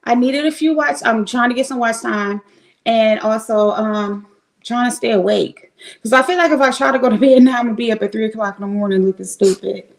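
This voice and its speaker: A woman's voice: on the high side, a little fast, rough recording. A woman livestreaming from home, chatting casually and frankly with her viewers, rambling and swearing now and then. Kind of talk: casual chat with live viewers. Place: home in Cleveland. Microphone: streaming setup at home.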